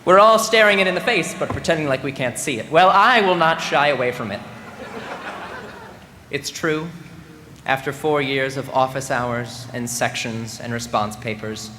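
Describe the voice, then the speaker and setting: A man's voice: medium pitch, moderate pace, sharp tone. A young man in his twenties giving a humorous ceremony speech as a graduating student, with mock-serious comic timing over crowd laughter. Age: 20s. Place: large ceremony venue. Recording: reverberant venue with faint background noise.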